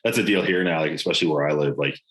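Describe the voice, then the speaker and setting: A man's voice: a bass voice, racing, a bit bright, low-quality recording. A young man co-hosting a podcast, chatting casually and loosely, with lots of "like" and "yeah". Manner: laid-back, filler-heavy with lots of "like". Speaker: podcast co-host. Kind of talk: casual chat.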